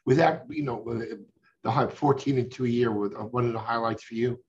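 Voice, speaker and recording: A man's voice: mid-range voice, brisk, darkish tone, slight background noise. Host: man, sports interviewer, chatty and fan-like, dull slightly muffled audio. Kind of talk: casual interview questions.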